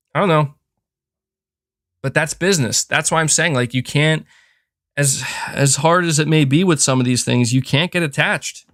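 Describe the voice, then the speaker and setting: A man's voice: a little high, a bit bright. Frustrated man ranting on a podcast. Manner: frustrated, ranting, many fillers and restarts. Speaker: podcast host. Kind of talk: casual opinionated chat.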